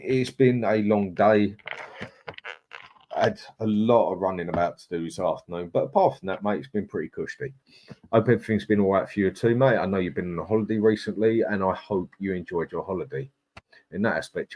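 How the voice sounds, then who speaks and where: Deep-voiced man hosting a live stream. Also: lo-fi sound. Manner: chatty, matey, greets viewers with "big up". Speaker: livestream host. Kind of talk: casual live chat, reading out viewer comments.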